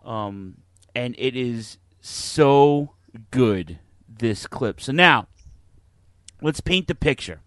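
A man hosting a casual podcast, animated and a little profane as he sets up old clips. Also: medium pitch, drawn-out words, no echo, studio quality. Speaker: podcast host. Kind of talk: casual chat.

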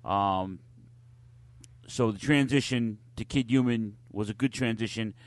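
A man's voice: fairly low pitch, a little slow, dry recording. A man co-hosting a live wrestling podcast, talking casually and bluntly, swearing freely as he rants. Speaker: podcast co-host.

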